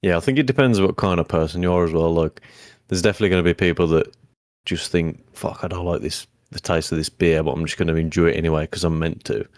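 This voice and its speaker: Young male co-host, very low voice, blunt and relaxed, dry close sound. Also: fast, no echo. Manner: laid-back, blunt, swears casually. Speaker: podcast co-host. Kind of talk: casual chat.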